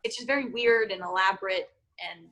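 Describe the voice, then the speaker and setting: A woman's voice: medium pitch, brisk, fairly bright tone, low-quality recording. Chatty young woman, casual podcast talk. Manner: chatty, laughs often, trails off. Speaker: podcast co-host. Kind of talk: casual true-crime chat.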